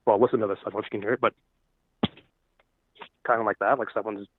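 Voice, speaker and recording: A man calling in to tell a ghost story, halting and nervous, full of fillers. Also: fairly low pitch, steady tone, background noise. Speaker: caller. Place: at home. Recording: tinny phone line.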